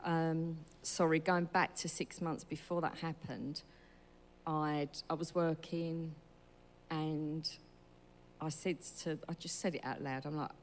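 A woman with a low voice tells her testimony in a chatty, rambling way, doubling back and correcting herself. Her voice rings with a long echo through a church hall. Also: fairly even intonation, unhurried, slight background noise. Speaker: church member giving testimony. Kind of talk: personal testimony.

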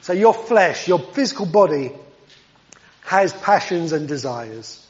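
Man, high voice, earnest sermon, wry asides, church hall echo. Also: lively intonation, a little slow. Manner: earnest, self-deprecating asides. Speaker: preacher. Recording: dull sound with long hall reverb.

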